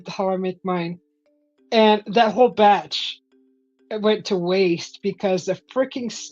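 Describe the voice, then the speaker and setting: A woman hosts a live stream in a loose, casual storytelling way, jumping into the voices of the people in her anecdotes. Her voice sits at an ordinary middle pitch. The audio is a little muffled, with soft music playing underneath. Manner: animated, acts out quoted voices. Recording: slightly dull stream audio with faint music.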